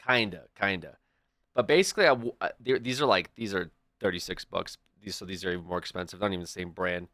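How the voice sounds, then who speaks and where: This young adult man talks quickly in a low-pitched, somewhat bright voice, casually chatting to stream viewers through rambling stories with frequent restarts and asides. It's a dry, studio-quality recording.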